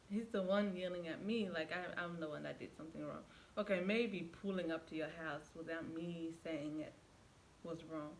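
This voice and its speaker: A woman's voice: fairly low pitch, a little hiss or hum. A young woman on her vlog, telling a personal story in a chatty way, talking straight to her viewers and acting out what people said. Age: young adult. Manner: animated storyteller who acts out quoted dialogue; chatty, addresses viewers directly. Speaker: vlogger. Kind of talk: storytime vlog, casual retelling.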